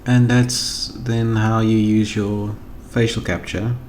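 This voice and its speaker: A man with a South African accent talking through a software tutorial, thinking aloud as he clicks through menus. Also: lowish voice, little pitch movement, takes it slowly. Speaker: tutorial host. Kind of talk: screen-recorded software tutorial. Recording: echoey room with noise and keyboard typing.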